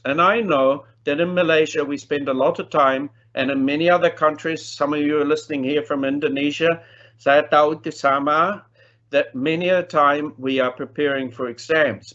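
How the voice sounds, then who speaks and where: A man giving a conference lecture on language teaching, emphatic and playful, with sudden swings in pitch and pace. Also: fairly bright tone, highs cut off. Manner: playful asides. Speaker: plenary speaker on language teaching.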